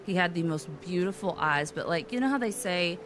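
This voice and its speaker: A woman's voice: fairly low pitch, expressive, fairly quick, background noise. A woman guest telling her story in a loose, rambling way, full of fillers and restarts. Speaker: interview guest, author. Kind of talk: conversational storytelling.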